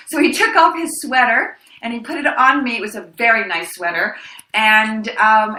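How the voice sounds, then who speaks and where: Older woman interviewee, bright and slightly high voice, animated storyteller, echoey room. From El Paso, Texas. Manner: lively, laughing, acts out quoted voices. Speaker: actress interviewed.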